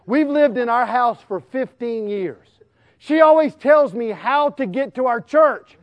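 A middle-aged evangelist preaches in a very high-pitched, unhurried voice on a dry, lo-fi recording. Animated, he fires questions at the crowd and acts out everyday scenes.

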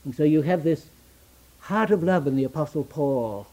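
In a sermon recorded with poor audio, a man with a slightly high voice asks rhetorical questions and answers them with short, repeated phrases. He builds to loud emphasis, then drops into hushed, slow lines, stressing key phrases slowly and deliberately.

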